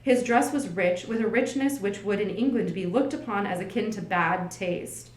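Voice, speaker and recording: Library reader, female, mid-pitched, classic tale read aloud in a roomy echoing space, casual asides. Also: moderate pace, a little hiss or hum. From United States. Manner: plain narration with light character voicing, chatty asides. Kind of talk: unhurried storybook reading aloud. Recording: roomy echo.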